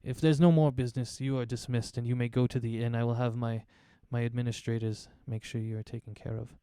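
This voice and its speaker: A man puts on a hotheaded old soldier turned town mayor, formal and commanding. The voice is mellow and smooth, recorded dry and close. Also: medium pitch, little pitch movement, fairly quick, dry recording, close to an everyday voice. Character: hotheaded former warrior, male town mayor. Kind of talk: tabletop role-play voicing.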